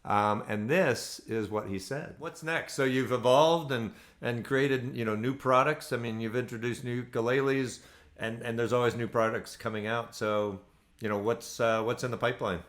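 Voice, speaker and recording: A man hosting an online ukulele play-along, singing slowly over his own strumming and chatting between songs. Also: mid-range voice, steady tone. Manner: sings slowly with strumming, then chats in quick asides. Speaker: ukulele teacher and host. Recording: roomy echo under loud ukulele. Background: loud ukulele strumming.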